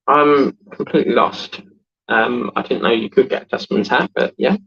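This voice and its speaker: Husky chatty man reading viewer comments. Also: a little high, animated, slow pace, a bit bright, highs cut off. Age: 30s. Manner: chatty and rambling, laughs often, many fillers. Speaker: host of a model-building livestream. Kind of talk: casual livestream chat, reading out viewer comments.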